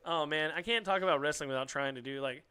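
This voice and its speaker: Brief: male comedian, bright crisp tone, dry close sound, blunt and swearing in casual chat. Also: a little high, quick pace, no room sound. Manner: animated, profane, blunt opinions, mimics voices.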